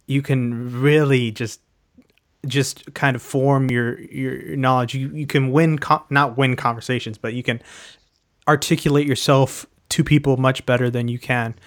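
A man's voice: medium pitch, fairly even intonation, unhurried. A man in casual chat, speaking hesitantly with frequent restarts and fillers. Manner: hesitant, many restarts and "you know".

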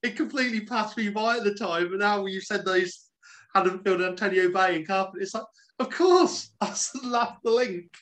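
A man makes dry, wry remarks in a casual podcast film review. His voice is high for a man. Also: normal speed, a bit bright. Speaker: podcast co-host.

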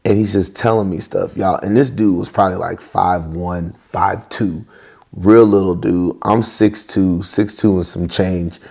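A young man, a podcast guest and worship leader, telling a story casually in an animated, slangy way. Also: low voice, measured pace, creaky, slightly rough.

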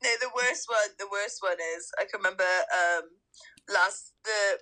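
A woman's voice: mid-range voice, normal speed, low-quality recording. A woman in casual conversation, telling stories animatedly and acting out what she said herself. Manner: animated storytelling, acting out her own lines. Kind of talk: casual chat.

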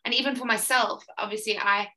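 Bright-voiced woman hosting a podcast. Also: a little high, steady tone, a little fast. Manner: warm, enthusiastic interjections. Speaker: podcast host. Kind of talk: casual interview chat.

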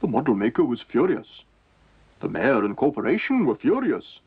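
A man narrating a children's story in a gentle, measured way, with a gravelly, husky voice. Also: medium pitch, sing-song. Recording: tinny lo-fi 1970s TV audio with faint music.

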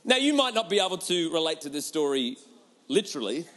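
A man's voice: on the high side, big pitch swings, a little fast, a bit bright. A man preaching a humorous sermon, telling a personal story with laughter and a repeated rhetorical question.

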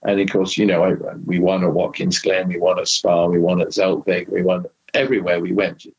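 A man's voice: deep voice, little pitch movement, brisk, a little mellow, slightly rough, muffled recording. An older man, a former racing driver, telling rambling anecdotes in an interview with many restarts and asides. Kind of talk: anecdotal storytelling in conversation.

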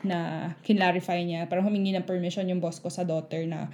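A woman's voice: fairly low pitch, fairly even intonation, fast talker, darkish tone, dull audio, a little hiss or hum. A woman, a teacher telling a story in casual chat and acting out the people in it. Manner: mixes languages, acts out quoted kids and adults.

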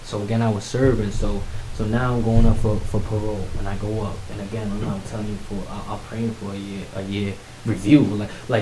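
A man casually telling his life story in conversation, animated, acting out what others said. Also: a little fast, few pauses. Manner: animated, acts out quotes with rising pitch. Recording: echoey room with faint hiss.

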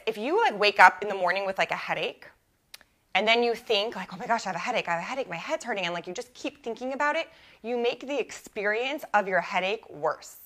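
A young adult woman hosting her own coaching podcast, talking casually and animatedly, full of "like" and quick self-corrections. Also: on the high side, pushed and bright. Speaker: life coach and podcast host. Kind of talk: casual solo podcast teaching.

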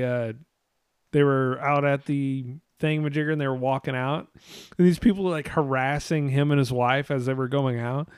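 A man's voice: medium pitch, a little mellow, clear, resonant tone, no echo, clean studio sound. A man hosting a casual podcast, rambling and swearing as he reacts to clips, laughing often. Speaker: podcast host.

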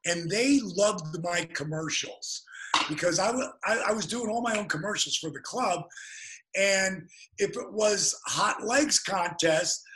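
A man telling animated stories as an interview guest, with quick restarts. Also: high voice, noisy background. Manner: animated, fast-moving storyteller with restarts. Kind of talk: interview storytelling.

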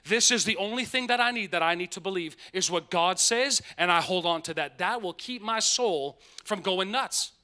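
Guy preaching a sermon, lively and emphatic, sometimes jokey, real bright sharp voice. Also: high voice. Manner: animated preaching, playful asides, emphatic slowed phrases. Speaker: pastor.

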